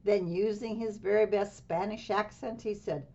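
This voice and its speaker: A woman reading a children's picture book aloud in an expressive, unhurried way. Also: medium pitch, creaky, highs cut off. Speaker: storybook reader.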